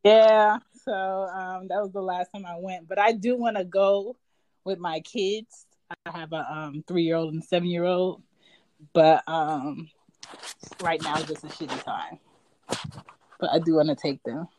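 Casual woman in her thirties, lowish voice, lively storyteller, relaxed chat. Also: unhurried, dry recording. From United States (Georgia). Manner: animated, laughing storyteller with big pitch jumps.

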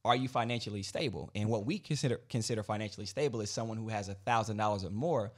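A man in a casual podcast conversation, explaining his business in a relaxed way, often repeating words and restarting sentences. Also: lowish voice, quick pace. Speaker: guest, credit business owner.

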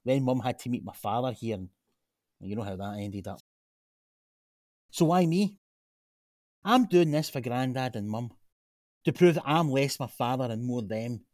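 In a lightly acted radio drama, a man plays an earnest Glaswegian local, the grandson of a chip-shop cook, who is pitching a gym. His medium-pitched voice moves at a moderate pace with long pauses, in a dry, studio-quality recording. The mood is reflective, and his manner is earnest, persuasive and animated.

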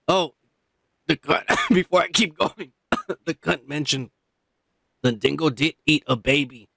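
Gravelly, high man rambling on a podcast. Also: slow, long pauses, a bit bright, no echo. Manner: rambling, swears a lot, loose and joking. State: high on cannabis. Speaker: podcast host. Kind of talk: casual profane chat.

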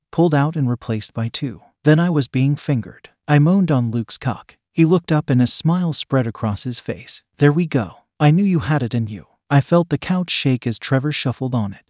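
Steady-voiced man reading a story aloud. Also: medium pitch, no room sound, studio quality. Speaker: story reader.

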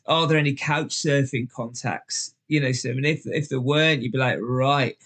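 A man's voice: medium pitch, fairly even intonation, normal speed, fairly bright tone. Chatty man with a Liverpool accent. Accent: Liverpool English. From England. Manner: chatty storyteller, lots of fillers, acts out voices. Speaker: guest, ultra endurance runner. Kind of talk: casual podcast chat.

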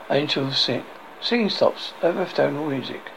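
A man reads a film script aloud in a casual read-through, naming each character and calling out the stage directions. His voice is high and gravelly, and its pitch moves about a lot. He reads the directions in a plain voice. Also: very animated, brisk, a bit bright, lo-fi sound.

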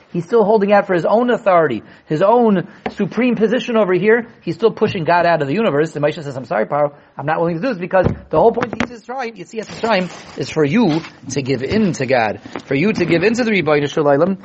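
Rabbi type, emphatic and repetitive, high husky voice, muffled lo-fi capture. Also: male voice. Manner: emphatic, repeats words for stress. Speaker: rabbi giving a weekly Torah talk. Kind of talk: Torah class on the weekly portion. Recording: dull lo-fi recording.

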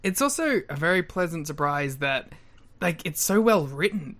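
A man's voice: on the high side, sing-song, normal speed, a bit bright. A man co-hosting a podcast in casual chat, laid-back with short, easygoing answers. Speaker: podcast co-host.

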